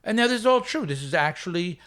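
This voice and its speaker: Podcast host, male, high animated voice, joking and meandering. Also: fast. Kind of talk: casual podcast chat.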